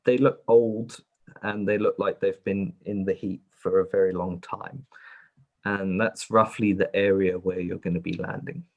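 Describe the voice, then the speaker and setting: A man narrating a tabletop game as game master, pausing often with fillers. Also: deep voice, steady tone, phone-quality sound. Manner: hesitant, many fillers.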